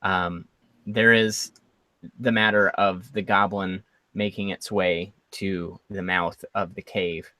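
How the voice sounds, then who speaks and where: A man running a tabletop game as game master, narrating with a hesitant manner and many pauses. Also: low-pitched, level tone, bright, forceful tone, dry recording.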